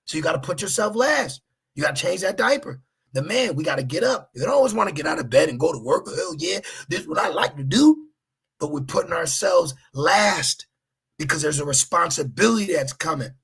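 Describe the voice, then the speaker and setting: A man preaching a streetwise sermon, casual and profane, driving points home with a repeated "okay?" and jumping into high acted-out asides. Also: very animated, fairly quick, vocal fry, fairly bright tone, slightly rough. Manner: acts out voices in high pitched asides.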